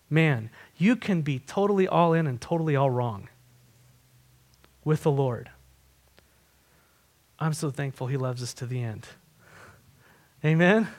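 Man, high voice, sermon, animated, asks the room questions. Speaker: pastor.

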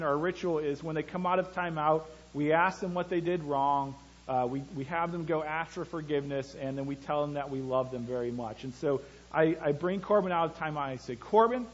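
A husky, slightly high-voiced man preaching to his congregation. He talks in a relaxed way, weaving stories about his own kids into the sermon. The recording sounds dull and lo-fi. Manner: conversational preaching with personal family stories. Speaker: pastor.

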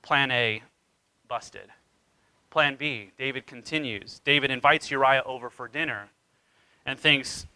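A pastor delivers his sermon with a sharp, forceful edge to his voice, leaning hard into dramatic retellings. His emphasis rises and falls widely as he drives each point home. The sound is close and dry, with no room around it. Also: mid-range voice, fairly even intonation, unhurried, pauses often, clean tone, dry recording, rough recording. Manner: dramatic storytelling with wide swings in emphasis.

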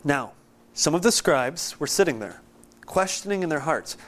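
A man preaching a sermon, explaining scripture in a conversational, animated way and acting out quotes. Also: on the high side, normal speed. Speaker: pastor.

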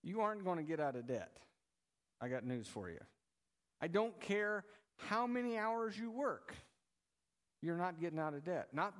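A man preaching a sermon as pastor, in a relaxed conversational way that jokes with the congregation. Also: high voice, long reverb tail.

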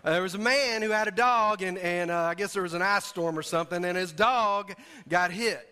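A man's voice: high voice, a little fast, bright, forceful tone, clear, resonant tone. A man preaching a sermon as a pastor, folksy and joking, leading his congregation in call-and-response. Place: church sanctuary. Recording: echoey church hall.

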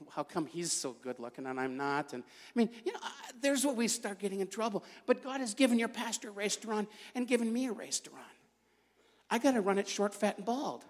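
A man's voice: on the high side, creaky. Self-deprecating man preaching a sermon. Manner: jokey, self-deprecating, conversational. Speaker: guest preacher. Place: church. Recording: echoey hall.

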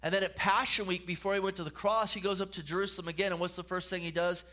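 A pastor preaching with a bright, forceful voice that sits a little high for a man. His delivery is earnest, with repeated words and restarted phrases. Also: steady tone, fast. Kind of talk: sermon.

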